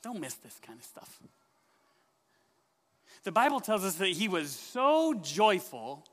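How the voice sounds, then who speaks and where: Animated preacher in an echoey church. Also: male voice, high voice. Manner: animated storyteller, asks the congregation questions. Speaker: pastor. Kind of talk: sermon.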